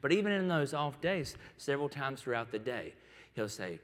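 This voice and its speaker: A man's voice: mid-range voice, lively intonation, quick pace, a bit bright. A man preaching from the pulpit in a mid-range voice, his words ringing out with a long reverb around him. He tells stories in a conversational way, acting out the other people's lines as he goes. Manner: conversational storytelling with quoted voices. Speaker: pastor. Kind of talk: sermon.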